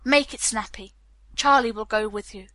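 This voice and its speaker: A woman narrator puts on an impatient male police captain who barks short orders. The voice is bright and dry. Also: fairly high pitch, normal speed, no room sound. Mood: brusque. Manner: blunt, impatient.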